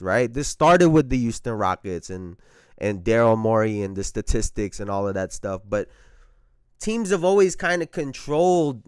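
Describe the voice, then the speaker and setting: A man's voice: mid-range voice, fairly bright tone, dry recording, studio quality. A man hosting a casual basketball talk show, talking in a slangy, conversational way and often repeating phrases. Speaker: podcast host.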